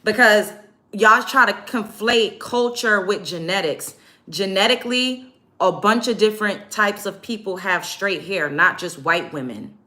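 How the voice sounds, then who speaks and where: Her voice is mid-range with a sharp tone, and she keeps a measured pace. She's a vlogger in a get-ready-with-me video, ranting to camera in an African American English accent with plenty of profanity, blunt and sarcastic throughout.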